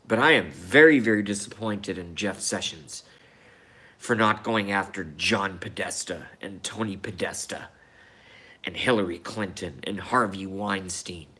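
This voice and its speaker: A man with a lowish, fairly bright voice hosts a live stream and rants heatedly about politics. He swears often and repeats his points while reading out and answering viewer comments.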